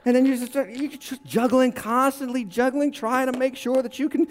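A man preaching a sermon with drama, acting out quick voices and swinging between shouting and hushed lines. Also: very high voice, fairly even intonation. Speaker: pastor.

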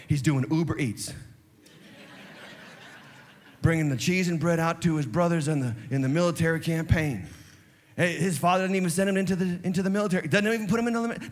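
A man preaching a sermon as lead pastor, telling Bible stories in an animated, acted-out way. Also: on the high side. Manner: animated storytelling, acts out Bible scenes. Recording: long reverb of a large church hall.

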